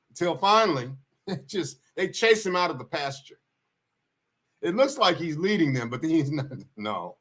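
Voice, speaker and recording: With a fairly high pitch and a bright, forceful tone, this man hosts a livestream full of folksy, meandering storytelling in which he restates his key points.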